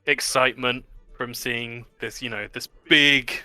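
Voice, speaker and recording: A man's voice: medium pitch, fairly even intonation, measured pace, bright, forceful tone, clear, resonant tone, dry recording, faint music behind. A man narrating a tabletop game as game master, telling the story loosely with many fillers.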